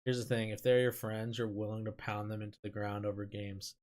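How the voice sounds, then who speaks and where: A man's voice: on the low side, little pitch movement, a little fast, a little mellow. Young man, livestream host, casual rambling chat, frequent laughs, desk mic at home. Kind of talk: casual chat with stream viewers.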